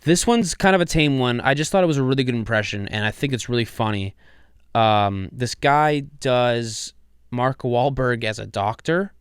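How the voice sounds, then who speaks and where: A man's voice: mid-range voice, clean tone, dry recording. A man hosting a casual podcast on a close mic, rambling and swearing casually with lots of restarts. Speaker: podcast host.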